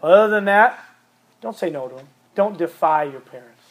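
A man with a high voice preaches to young people in a blunt, emphatic way. He hammers his points by repeating them, alternating between loud pushes and quiet asides. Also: animated, normal speed. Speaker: youth pastor.

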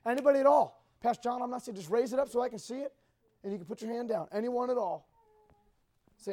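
Pleading high-voiced young preacher. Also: male voice, quick pace. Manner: pleading, urgent, swings between loud exhortation and hushed appeals. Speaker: youth pastor. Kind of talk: altar call sermon.

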